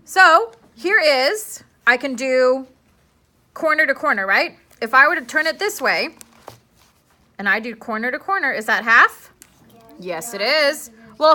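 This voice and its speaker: A woman's voice: high voice, pushed and bright. A young woman teaching a classroom lesson, chatty and playful, asking her students questions as she works.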